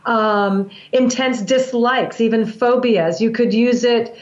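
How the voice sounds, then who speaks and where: Woman, earnest explainer, flowing talk with restarts, slightly high voice, roomy dull recording. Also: slow pace. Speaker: guest, breath work practitioner.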